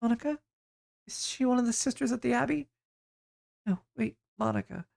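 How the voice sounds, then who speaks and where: A man voicing a dazed young woman living on the street, speaking in a soft, distant, confused way. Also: extremely high pitch, normal speed, creaky, voice pushed up, exaggerated voice.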